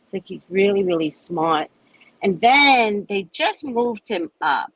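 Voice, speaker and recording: Animated older woman, New Orleans accent. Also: mid-range voice, slow pace, husky, rough recording. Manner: animated storytelling with swings in voice. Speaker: host. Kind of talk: casual chat with live viewers.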